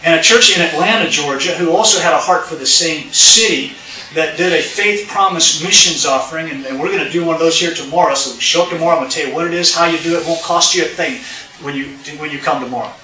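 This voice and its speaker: A preacher tells a story in his sermon, acting out its voices and calling out to the congregation. His voice is bright and forceful, a touch high for a man. It rings through a roomy church, picked up from a distance. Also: fast, a little hiss or hum. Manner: animated, acts out dialogue, addresses congregation. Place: church sanctuary. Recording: roomy sound from a distant mic.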